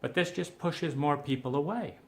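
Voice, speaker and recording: A man's voice: a little high, moderate pace, slight background noise. A man giving agitated, pleading personal testimony for a documentary, frustrated and urgent. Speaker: documentary subject.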